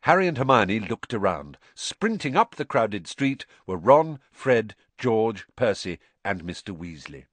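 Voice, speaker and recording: A man reading an audiobook in an animated storytelling manner. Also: on the low side, unhurried, hardly any pauses, dry recording. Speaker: audiobook narrator. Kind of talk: scripted narration.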